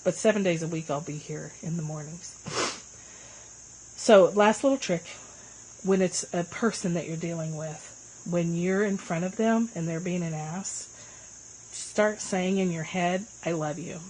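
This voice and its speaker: Woman livestream host, casual and chatty, slightly low voice; faint cricket noise under the mic. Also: measured pace, rough recording. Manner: chatty, answers viewer comments, lively swings in pitch.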